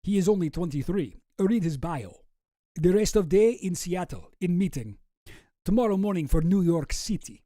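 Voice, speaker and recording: A man's voice: high-pitched, very animated, moderate pace, warm tone, no echo, studio quality, pitched above the performer's own voice. A man putting on a campy, vampire-like Russian accent to read out another man's emails. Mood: mock-sinister.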